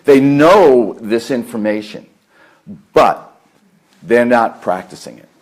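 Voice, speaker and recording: A man with a New York accent, a therapist lecturing a meditation group, earnest and deliberate, stacking repeated phrases with fillers. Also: medium pitch, animated. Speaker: therapist giving a talk. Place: meditation center hall.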